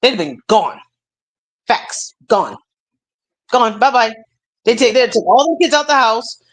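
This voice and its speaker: A somewhat high-voiced woman hosting a casual stream chat. She tells stories with energy and leans on fillers and repeated words as she goes. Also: measured pace. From United States. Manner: animated storytelling with many fillers. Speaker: stream host.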